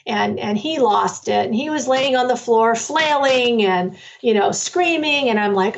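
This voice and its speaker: A woman's voice: fairly high pitch, normal speed, vocal fry, far from the mic, muffled recording. A middle-aged woman, an author and parenting workshop leader, telling her story in a loose, rambling way full of fillers and restarts. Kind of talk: conversational storytelling interview.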